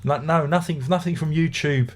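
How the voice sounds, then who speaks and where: A husky-voiced middle-aged man talks through a music review in a loose, rambling way. His chest sounds rough from being unwell, and he slips into wry, grumbling asides. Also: a little high, moderate pace. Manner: chatty, wry, grumbling anecdotes. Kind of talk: casual rambling review monologue.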